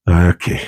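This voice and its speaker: A middle-aged Scottish man, an army veteran, talking candidly and rambling with many restarts. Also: darkish tone. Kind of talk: candid podcast conversation.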